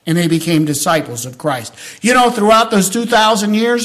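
An older man, preaching from the pulpit. His voice sits high for a man and rings bright. He swings from loud, shouted lines down to soft, hushed storytelling. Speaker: pastor. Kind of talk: sermon.

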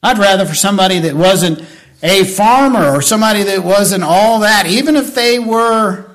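A man's voice: high-pitched, normal speed, fairly bright tone. A man preaching a sermon as a pastor. He tells folksy stories, asks the congregation to agree with him, and builds to emphatic preaching.

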